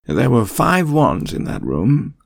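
A man's voice: medium pitch, lively intonation, normal speed, gravelly, a little mellow, slightly rough, pitched above the performer's own voice. A man voicing an earnest, desperate grown wizard in an audiobook reading, speaking with urgent, pleading questions. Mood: anguished.

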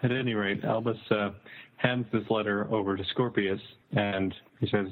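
A man on a group call, chatting and retelling a story with a relaxed, chuckling manner. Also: lowish voice, normal speed, phone-quality sound. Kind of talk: casual group chat over a call.

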